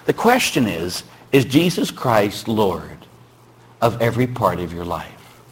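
A male Catholic priest giving a sermon in a conversational, joking way, with rhetorical questions and sudden shouted bursts. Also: fairly low pitch, sing-song, a little slow, a little hiss or hum. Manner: bursts into shouting when acting out stories.

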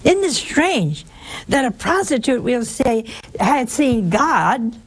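A woman's voice: a little high, sing-song, takes it slowly, breathy edge. A woman preaching a sermon in a folksy way, full of rhetorical questions and exclamations.

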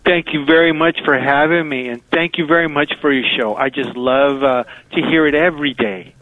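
Halting man caller on a phone line. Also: a little high, no room sound. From South Texas. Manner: halting, many pauses and fillers. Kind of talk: call-in radio chat. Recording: dry, tinny phone line.

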